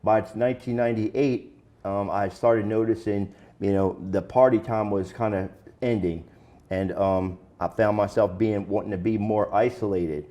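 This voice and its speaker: A man with a fairly low, mellow voice talks through his past in a loose, candid way. His speech is plain and full of slang, the way one talks in a relaxed sit-down interview. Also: normal speed. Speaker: guest sharing his recovery story. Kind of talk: casual conversational storytelling.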